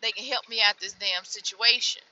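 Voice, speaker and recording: A young woman truck driver venting from her cab in a vlog, weary and frustrated, dropping to tired mutters and then flaring up loud. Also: medium pitch, steady tone, normal speed, highs cut off.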